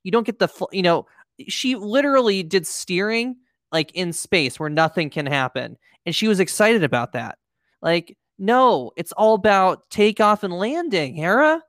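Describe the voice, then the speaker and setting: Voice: mid-range voice, lively intonation, normal speed, fairly bright tone, no room sound, studio quality. A podcast co-host chatting casually and animatedly, acting out quoted lines.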